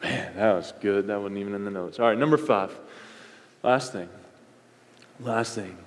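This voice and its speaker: Middle-aged pastor preaching in a reverberant hall. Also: male voice, fairly low pitch, normal speed. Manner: punchy, repetitive preaching with rising emphatic outbursts. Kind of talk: sermon. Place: church sanctuary. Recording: long reverb of a church hall.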